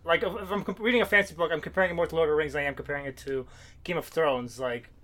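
A man co-hosting a casual podcast chat, talking eagerly but haltingly with lots of "uh" fillers and restarts. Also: fairly high pitch, fairly even intonation, a bit bright. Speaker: podcast co-host.

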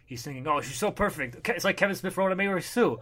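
Fast-talking man, slightly high voice. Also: expressive, a bit bright. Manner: quick, jokey recapping. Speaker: podcast co-host. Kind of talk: casual comedic chat.

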